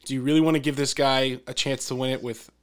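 A man's voice: mid-range voice, fairly even intonation, fast, clear, resonant tone. Male podcast host, casual and rambling, talking sports. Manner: rambling, trails off and restarts. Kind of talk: casual chat.

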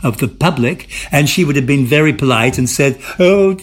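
A man's voice: mid-range voice, brisk, breathy edge. An older man, an actor, telling stories in an interview, theatrical and amused, often repeating and restarting his words. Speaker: interview guest, former soap actor. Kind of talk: candid anecdotal chat.

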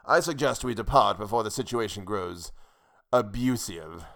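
A man's voice: on the low side, lively intonation, normal speed, a bit bright. A man voicing a wry, aging, hard-drinking film actor in a storybook reading, speaking in a dry, formal way. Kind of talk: audiobook character voice.

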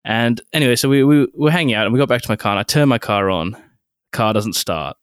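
A young Australian man telling a rambling story on a podcast, animated and laughing, with crude jokes. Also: medium pitch, fast talker, clear, resonant tone, dry recording, clean studio sound. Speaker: podcast co-host. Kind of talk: casual banter storytelling.

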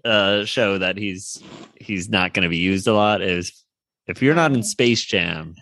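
A man co-hosting a fan podcast, recapping a cartoon episode in a rambling, animated way with many fillers. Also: deep voice, unhurried, slight background noise. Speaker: podcast co-host.

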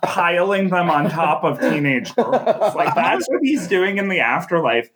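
Lively joking man, slightly high. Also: measured pace, a little hiss or hum. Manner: joking, laughs often. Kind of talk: casual chat.

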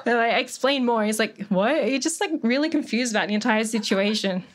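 A woman's voice: fairly high pitch, a little fast. A young woman telling a rambling comic story on stage, loose and sweary, packed with "like" and her own laughter. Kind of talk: casual stand-up storytelling. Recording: live audience laughing. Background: audience laughter.

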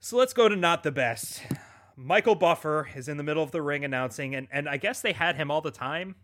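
A man co-hosting a casual podcast chat, animated and putting on mocking voices as he retells scenes. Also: a little high, brisk. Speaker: podcast co-host. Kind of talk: casual chat recapping wrestling.

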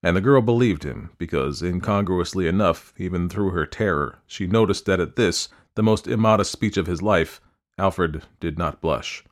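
Very deep-voiced male audiobook narrator. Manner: measured, descriptive reading. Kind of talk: scripted storybook narration.

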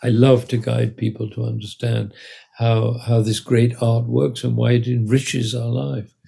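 An older man, a conductor and music educator, telling lively anecdotes in an interview, now and then acting out the voices of the people in them. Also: medium pitch, a little slow, gravelly, husky. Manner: animated anecdotes with acted-out voices. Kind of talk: storytelling in an interview.

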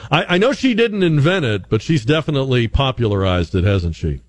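A man hosting a call-in radio talk show, chatty and animated, now and then mimicking other voices as he tells stories. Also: medium pitch, fairly quick, no room sound. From northern United States. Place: radio studio.

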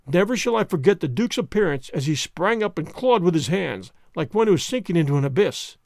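A man narrates an audiobook with a fairly high voice and animated, lively intonation. His tone carries a gravelly texture, and the recording is dry and close. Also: brisk, hardly any pauses, no echo.

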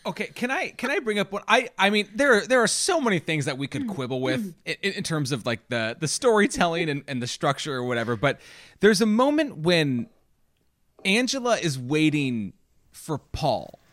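Rambling podcast co-host with lively pitch. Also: normal speed. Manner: rambling, hesitant restarts, bursts into emphatic outrage. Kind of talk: casual chat.

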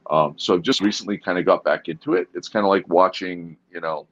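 Very deep male guest from Canada, forties, muffled lo-fi line, easygoing storyteller. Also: fairly quick, a bit bright. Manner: laid-back, storytelling, says dude. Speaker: guest, former pro hockey player. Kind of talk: casual interview chat.

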